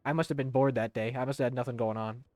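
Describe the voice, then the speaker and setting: A man's voice: medium pitch, steady tone, fast talker, darkish tone, no room sound, soft background music. A man streaming a video game, giving loose, rambling commentary with some swearing.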